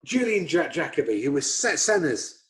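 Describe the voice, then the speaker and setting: A middle-aged English man, a guest racing driver, telling stories in casual chat, animated and swearing freely. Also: on the high side, normal speed, low-quality recording.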